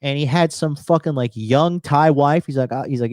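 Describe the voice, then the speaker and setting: A man's voice: on the high side, normal speed, darkish tone, dry recording, studio quality. Blunt, profane man giving live advice. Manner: profane, emphatic, repeats lines for punch. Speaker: dating coach streaming live. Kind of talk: livestream monologue reading chat.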